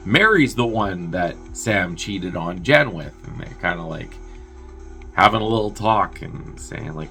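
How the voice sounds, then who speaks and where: A man with a somewhat low voice and a bright, forceful edge recaps a movie plot in casual, loose chat. He swears freely and leans on "like". He keeps breaking into quick acted-out lines for the characters. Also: expressive, faint music behind. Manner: loose and chatty, full of "like" and swearing. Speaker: movie review host.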